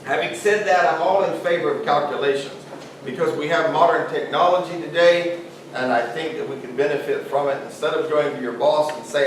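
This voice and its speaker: Guy teaching a class, kinda high voice, super echoey room, mic far off, bit of hiss. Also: brisk. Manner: conversational, jokey, asks the class questions. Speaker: Islamic studies teacher. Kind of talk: classroom lecture.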